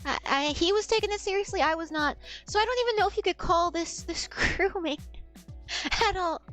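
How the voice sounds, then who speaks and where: Very high-voiced giggly woman streamer. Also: fairly quick, a bit bright, faint music behind. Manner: giggly, rambling, frequent restarts. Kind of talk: casual storytelling on stream.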